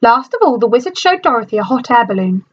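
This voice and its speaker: A woman teacher reads a storybook aloud to her class with an animated storyteller's delivery. Her fairly high voice moves through a wide, lively range. The sound is dull and lo-fi, like a home recording. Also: fast, husky.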